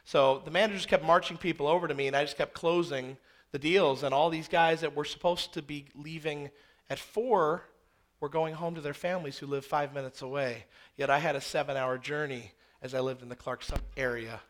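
A man in his thirties, a pastor telling a personal story in a sermon, animated and self-deprecating. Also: fairly high pitch, brisk.

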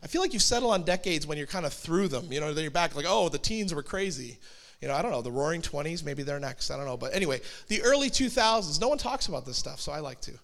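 This sermon comes from a pastor in his forties whose high, light male voice is fairly bright with lively intonation. He tells it conversationally, like a story, tossing in quick asides.

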